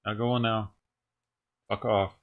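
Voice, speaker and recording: A man's voice: fairly low pitch, level tone, unhurried, phone-quality sound. A man ranting on his own livestream, talking casually and profanely, rambling and chuckling as he goes. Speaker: livestream streamer.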